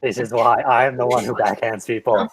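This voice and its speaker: A man's voice: medium pitch, fairly even intonation, brisk, a loud crowd. A man playing in a tabletop game, joking and playful. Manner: playful, laughs often. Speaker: player. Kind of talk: casual tabletop play.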